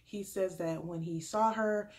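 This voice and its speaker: A young woman vlogger recapping a reality show in a chatty, animated way, often laughing and acting out what people said. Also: on the low side, unhurried. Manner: chatty, laughs often, drops into quoted voices. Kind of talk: animated casual recap with acted-out quotes.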